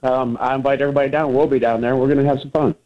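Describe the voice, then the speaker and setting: A man's voice: mid-range voice, level tone, very fast. A man calling in to a radio show, chatting easily with a few stammered restarts. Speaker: caller. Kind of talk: casual phone-in chat. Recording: dull lo-fi phone line.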